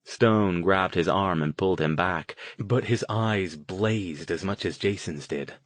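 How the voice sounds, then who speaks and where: The deep-voiced man reading this audiobook keeps his storytelling measured and even. It's scripted narration, recorded without any echo.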